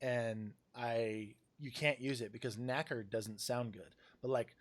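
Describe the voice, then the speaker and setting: A man's voice: mid-range voice, fairly even intonation, measured pace. A man hosting a podcast, chatting playfully, laughing easily and trailing off mid-sentence. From United States. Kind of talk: casual chat.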